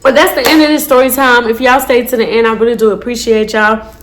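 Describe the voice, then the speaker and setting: A woman, telling a storytime to her viewers in a casual, profane, animated way. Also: fairly high pitch, fast talker, background noise. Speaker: storytime vlogger.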